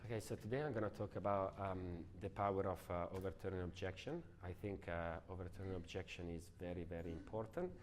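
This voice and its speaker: A man's voice: deep voice, a little hiss or hum, voice pushed down, lightly acted. A man putting on a dull, hesitant speaker who mumbles and stalls with ums. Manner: flat, halting, full of ums.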